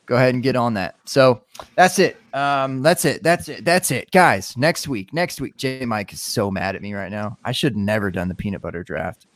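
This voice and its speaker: A man's voice: medium pitch, expressive, moderate pace, no room sound. A man hosting a sports podcast in casual chat, rambling and joking with many restarts. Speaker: podcast host.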